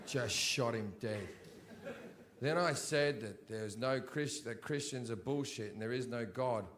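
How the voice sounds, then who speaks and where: A man's voice: mid-range voice, slight background noise. A male stand-up comedian doing a blunt, profane, sardonic set on a live stage. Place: live comedy venue before an audience.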